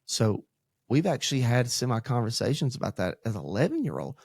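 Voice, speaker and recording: A man's voice: medium pitch, fairly quick, gravelly, slightly rough, dry recording, clean studio sound. A man, co-hosting a church podcast as a pastor in training, telling stories about his kids in a casual, rambling way. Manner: rambling, animated storytelling with acted-out quotes. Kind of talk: casual faith discussion.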